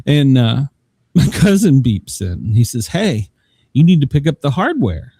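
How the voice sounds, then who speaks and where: A man's voice: medium pitch, big pitch swings, measured pace, mellow, breathy edge, no echo. A man hosting a live show, telling a long rambling story with plenty of laughs and swearing, acting out both sides of each conversation. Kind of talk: casual storytelling.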